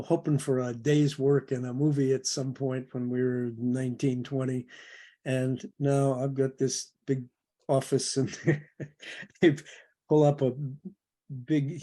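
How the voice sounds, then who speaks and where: An older man recalls a casting story as an interview guest, winding through his tale with chuckles and self-corrections. His voice is warm and mellow. He is heard over a video call. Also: medium pitch, steady tone, measured pace. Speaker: guest, producer.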